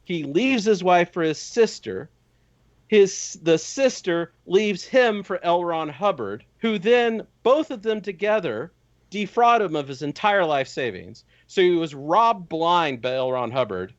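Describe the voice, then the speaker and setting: Guy on a podcast, super animated pitch swinging all over, muffled lo-fi audio, swears a lot. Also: measured pace. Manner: animated, incredulous, swears casually. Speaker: podcast guest discussing tabletop game lore. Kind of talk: casual storytelling chat.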